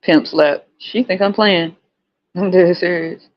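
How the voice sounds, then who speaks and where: A man with an American country accent hosting a casual livestream chat, animated and profane, laughing often and jumping into high squeals. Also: slow. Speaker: podcast host. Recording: dull lo-fi audio with faint music.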